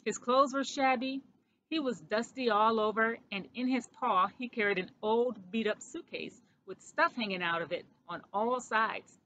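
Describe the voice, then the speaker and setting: Expressive woman reading a children's story. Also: fairly high pitch, moderate pace, slight background noise. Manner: expressive, with small slips. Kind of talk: storybook read-aloud. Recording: dull lo-fi recording.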